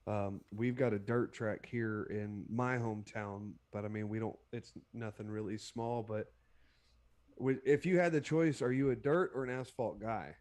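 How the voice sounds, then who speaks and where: A man co-hosting a racing podcast, asking questions in a halting way as he searches for words. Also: on the low side, steady tone, darkish tone. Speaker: podcast co-host. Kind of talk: casual podcast chat.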